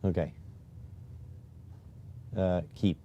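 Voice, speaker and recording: A man's voice: low-pitched, steady tone, drawn-out words, dark tone, muffled recording, a little hiss or hum. A man streaming live, muttering to himself and getting exasperated while he fiddles with display settings. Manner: exasperated, keeps sighing oh my God. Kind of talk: casual live-stream talk.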